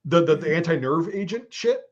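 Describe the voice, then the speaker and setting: A man hosting a casual online stream, telling stories in a profane, animated way. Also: fairly high pitch, moderate pace, highs cut off. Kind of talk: casual chat.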